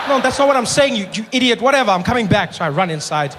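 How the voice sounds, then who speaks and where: A man in his thirties from South Africa telling a stand-up story on stage, acting out every character with sudden loud outbursts. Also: very high-pitched, racing, noisy background. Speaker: stand-up comedian. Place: theater stage before a live audience.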